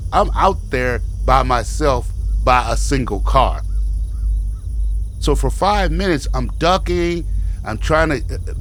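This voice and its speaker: Animated male storyteller. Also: medium pitch, a little hiss or hum. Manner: vivid, animated telling with repetitions and acted-out quotes. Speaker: storyteller and show host. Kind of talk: spoken personal storytelling.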